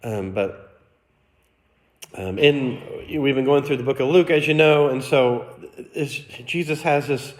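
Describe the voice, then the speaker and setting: A man's voice: medium pitch, a little slow. Middle-aged man, pastor, storytelling sermon with acted quotes, echoey sanctuary. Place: church sanctuary.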